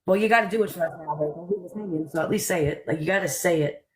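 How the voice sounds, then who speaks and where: A middle-aged woman chatting casually on a live stream, giggly and ribbing her friend. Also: fairly low pitch. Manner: giggly, ribbing, quick to laugh.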